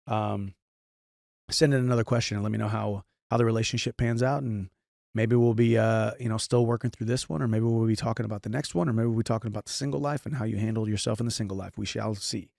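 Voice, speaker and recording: A man's voice: on the low side, steady tone, fast, gravelly, darkish tone, no room sound, clean studio sound. A man in his thirties from St. Louis, hosting a podcast and giving casual, earnest advice with frequent restarts. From St. Louis, Missouri. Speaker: podcast host answering listener questions.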